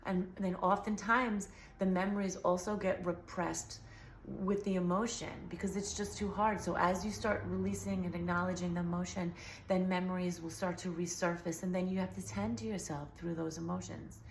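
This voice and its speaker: A woman's voice: fairly low pitch, little pitch movement, moderate pace, echoey room, slight background noise. A woman vlogger in a casual, earnest talk to camera, rambling with many fillers, her voice slightly sore. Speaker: healing vlogger.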